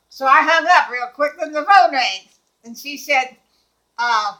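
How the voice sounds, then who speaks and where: An older woman telling a lively personal story, laughing often and acting out the people in it. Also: sits high, slow, poor audio. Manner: acts out quoted dialogue. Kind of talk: casual anecdote.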